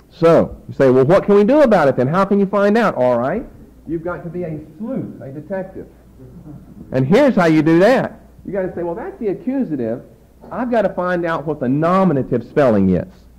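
A man's voice: a little high, darkish tone, low-quality recording. A man teaching a classroom lecture, explaining step by step with rhetorical questions, his voice dropping away as he turns to write on the board. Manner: voice drops away when turning to write. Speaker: Bible teacher.

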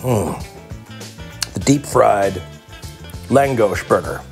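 A man hosting a cooking show, chatting excitedly, laughing and swearing as he works. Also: on the low side, extremely slow, gravelly, soft background music. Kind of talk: casual cooking demonstration. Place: kitchen studio.

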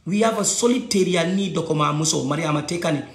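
A high-voiced man with a Gambian accent delivers an agitated personal rant, circling back to the same complaints. His voice bounces around an echoey room. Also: fast talker. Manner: agitated, switching languages, repeating points.

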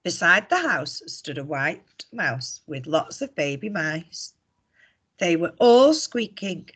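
A woman teacher reading a picture book aloud to children, expressive and asking them questions. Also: on the low side, slow pace, breathy edge. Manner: expressive, asks the listeners questions. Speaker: primary school teacher. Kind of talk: storybook read-aloud for children.

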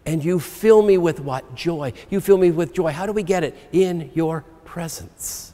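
A man's voice: on the high side, unhurried, mellow. A man preaching a sermon as pastor, earnest and personal, reading scripture and telling his own story. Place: church sanctuary. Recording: long hall reverb.

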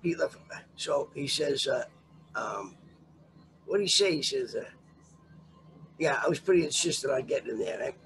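A man's voice: mid-range voice, expressive, normal speed, long pauses, fairly bright tone, a little hiss or hum. An older man telling a long story with swearing and lots of animation, as a guest in a casual interview.

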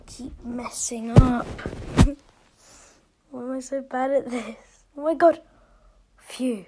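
A woman's voice: fairly high pitch, slow, long pauses, dark tone, slight background noise. A woman giving casual gameplay commentary, frustrated, often dropping to a whisper. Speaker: gaming video creator.

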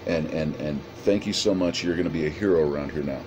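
Guy reading lines as a grateful mom, warm and motherly, low voice. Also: quick pace, highs cut off, background noise. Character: grateful kind mother, woman in her thirties.

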